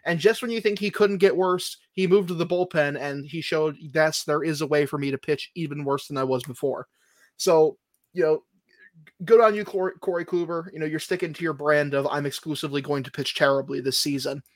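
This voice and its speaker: A man's voice: fairly high pitch, fairly even intonation, a little fast, no room sound. A man co-hosting a casual sports podcast, joking around with frequent laughs and swearing. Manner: laughing, joking, profane banter. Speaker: podcast co-host. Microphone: phone.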